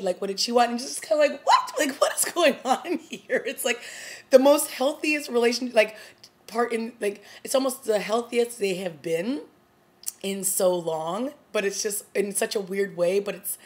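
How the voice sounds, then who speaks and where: A woman giving a casual, chatty solo review of a TV episode, retelling scenes with lots of fillers like "you know" and "like.". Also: medium pitch. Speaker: TV review vlogger.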